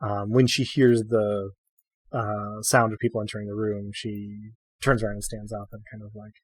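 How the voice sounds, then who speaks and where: A man narrating a tabletop role-playing game as game master, in a relaxed way with many fillers. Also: fairly low pitch, normal speed, husky.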